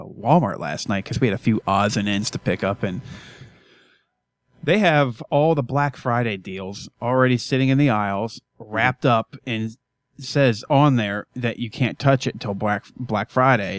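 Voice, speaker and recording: A man co-hosting a podcast, telling stories in a wry, deadpan way with plenty of cursing. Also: mid-range voice, no room sound. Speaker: podcast co-host. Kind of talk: casual profane chat.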